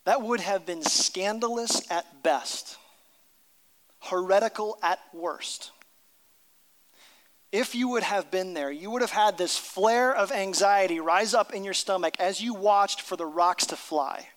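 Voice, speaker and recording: A pastor preaching a sermon, telling a story and dropping to a hushed voice at tender moments. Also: male voice, high-pitched, a little slow, in a large hall.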